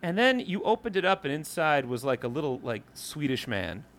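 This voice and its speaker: A man's voice: fairly high pitch, normal speed. A man co-hosting a podcast, telling history stories in a casual, joking way with some swearing. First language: English. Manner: animated, jokey storytelling with profanity. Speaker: podcast co-host. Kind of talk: casual comedic chat.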